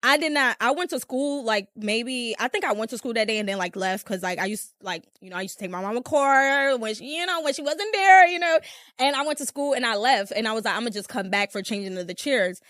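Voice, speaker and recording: This young podcast host speaks briskly in a fairly high, animated, slightly bright voice. She rambles chattily through stories for a small live audience, filling her speech with "like," and the sound is dry and clean, studio-grade.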